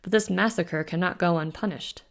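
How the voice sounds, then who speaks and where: A woman reading aloud puts on a gruff old werewolf alpha from an audiobook, his voice low and deeply gravelly. He snarls and sounds suspicious, a weathered farmer who distrusts strangers. The voice sits low with heavy fry. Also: normal speed.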